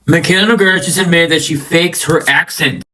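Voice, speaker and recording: A man's voice: on the high side, a little fast, a crowd in the background, rough recording. A man giving social media commentary in a matter-of-fact, critical way.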